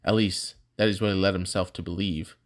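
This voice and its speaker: Male audiobook narrator, steady delivery. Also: low-pitched, a little fast.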